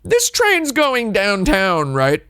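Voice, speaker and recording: A man's voice: sits high, wildly swooping pitch, slow pace, bright, forceful tone, smooth, no room sound, voice pushed up, heavily acted. Nervous young tourist girl, hesitant and repetitive, as a man quotes her. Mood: unsure. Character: polite young female tourist, anxious.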